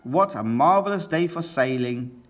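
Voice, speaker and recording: Man putting on a loud, jolly old rabbit. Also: on the high side, lively intonation, a little slow, soft background music. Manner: loud, exuberant shouting.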